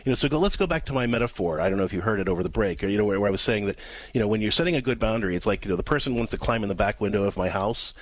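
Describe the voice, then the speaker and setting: Man, radio co-host, emphatic advice, very lively pitch, dry close sound. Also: very fast, no echo. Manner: emphatic, animated, acts out examples. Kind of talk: advice talk show.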